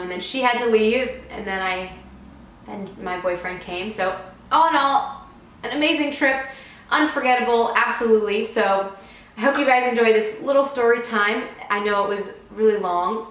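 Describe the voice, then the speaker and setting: Young woman vlogger, casual storytime, excited and chatty, mid pitch, heavily echoey room. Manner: chatty, excited retelling with frequent laughs.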